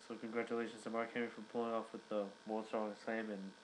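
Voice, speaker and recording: A man's voice: on the low side, level tone, fast talker, slight background noise, poor audio. Rambling man recapping casually. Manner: rambling, many fillers and restarts. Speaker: wrestling reviewer.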